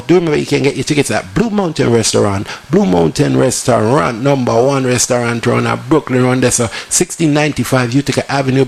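A man with a Jamaican accent hosts on radio, pushing sponsors in animated, repetitive sales patter. His mid-range voice carries a gravelly rasp. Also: mid-range voice. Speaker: radio host. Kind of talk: ad reads in patois.

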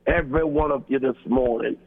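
A man, a bishop calling in to a radio show, greeting listeners with slow repeated blessings. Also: medium pitch, steady tone, narrow, tinny audio.

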